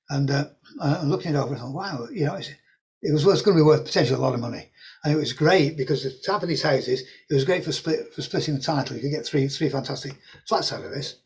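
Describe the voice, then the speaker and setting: A man presenting a property investing course, telling rambling, animated anecdotes with frequent restarts and repeated words. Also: fairly high pitch, slightly rough. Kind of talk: anecdotal storytelling to an audience.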